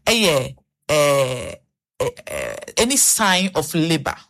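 A woman's voice: low-pitched, wildly swooping pitch, slow pace, vocal fry, a bit bright. A woman with a Ghanaian accent giving health advice on the radio, earnest and repeating her warnings. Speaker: health talk guest.

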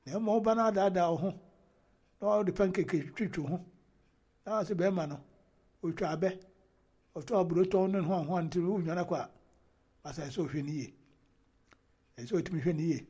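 Husky Ghanaian man commenting. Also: a little high, a little fast, long pauses, warm tone, soft background music. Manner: mixes Twi and English, reads a news report aloud between remarks. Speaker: online commentator. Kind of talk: casual video commentary.

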